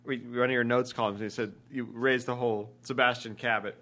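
Bright-voiced man, teasing podcast co-host. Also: medium pitch, level tone, fairly quick. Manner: dry, teasing, laughs often. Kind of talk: casual chat.

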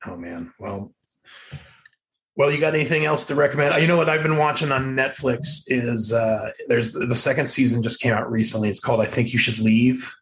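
A man's voice: medium pitch, normal speed, fairly bright tone. A young man in casual chat about movies and TV, rambling with lots of fillers and laughing often. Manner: rambling, full of fillers, laughs often, acts out quoted lines.

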